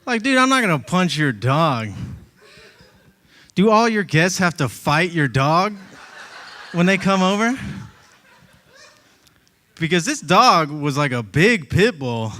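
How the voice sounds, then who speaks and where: A man doing a stand-up comedy set, telling stories in an animated way and acting out voices, on a club stage with a handheld mic. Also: on the high side, takes it slowly, long pauses. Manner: animated storytelling, acts out voices.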